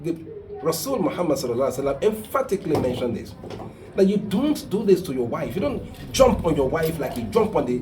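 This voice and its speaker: Guy radio host giving advice, preachy and emphatic, mellow tone, faint hiss behind. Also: fairly high pitch. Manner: emphatic, preachy, gets heated. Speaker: radio call-in host and counselor. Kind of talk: advice call-in talk.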